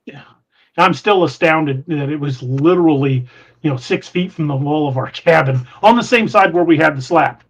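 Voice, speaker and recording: A man's voice: a little high, moderate pace. A man hosting a podcast in casual chat, telling a story in a rambling way with frequent restarts. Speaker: podcast host. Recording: muffled lo-fi audio.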